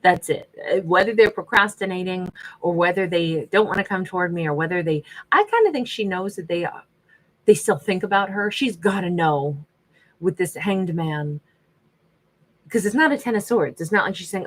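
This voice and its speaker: A woman doing a tarot reading in a sassy, animated way, acting out what the people in the cards might say. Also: fairly low pitch, normal speed, rough recording. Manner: sassy, animated, voices imagined quotes. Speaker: tarot reader.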